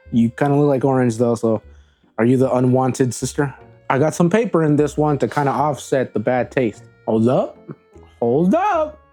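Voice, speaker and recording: Mellow-voiced vlogger, playful and rambling. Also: mid-range voice. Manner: chatty, dramatic, talks to the crayons; stumbles and restarts often. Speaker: vlogger tasting crayons. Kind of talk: rambling playful taste-test commentary. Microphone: new desk microphones.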